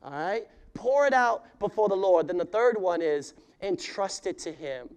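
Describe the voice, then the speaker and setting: Addressing the room head-on, this pastor delivers a sermon in a high, bright, expressive voice with a clean tone and moderate pace. His acted-out prayers swell into pleading cries before easing into gentle, sincere appeals.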